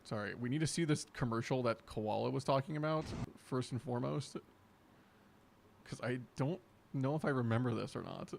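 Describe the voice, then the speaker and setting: Brief: young man, casual streamer chat, easygoing and quick to laugh, mid pitch. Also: gravelly, a little hiss or hum. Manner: laid-back, excitable, laughs easily.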